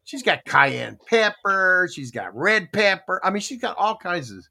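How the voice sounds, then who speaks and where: A male morning-show co-host chats in a folksy, meandering way. His speech is full of "uh"s and restarts. His pitch rises and falls a lot. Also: big pitch swings, measured pace, vocal fry, sharp tone, slight background noise. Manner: folksy, rambling, many fillers. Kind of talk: casual morning show chat.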